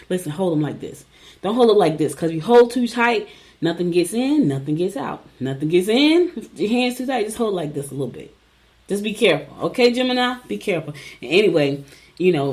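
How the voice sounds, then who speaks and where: A middle-aged woman hosting a show, reading horoscopes in a casual, chatty way with folksy asides and repeated advice. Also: medium pitch. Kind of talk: casual chat, reading and riffing.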